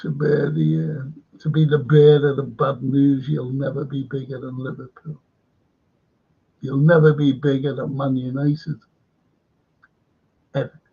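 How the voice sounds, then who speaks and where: A man's voice: mid-range voice, little pitch movement, measured pace, creaky, pauses often, breathy edge, muffled recording. A man hosting a live fan stream, chatting casually in a rambling way and reading viewer comments aloud. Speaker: fan channel host.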